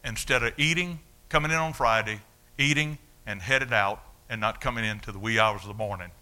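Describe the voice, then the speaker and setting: A man, preaching a sermon as a story of his own life, dropping low and then shouting out the punch lines. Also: fairly quick. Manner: storytelling, swings from hushed to shouting. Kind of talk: sermon testimony.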